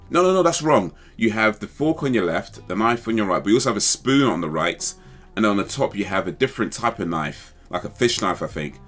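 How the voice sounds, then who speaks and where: Deep-voiced rambling man. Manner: rambling, thinks aloud, questions himself. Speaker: livestream host. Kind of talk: casual livestream chat.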